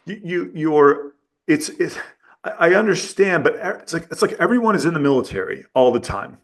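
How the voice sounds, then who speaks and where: A man speaking as a guest on a podcast, thoughtful and halting, often repeating words while he works out his point. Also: fairly high pitch, expressive. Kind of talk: casual conversation.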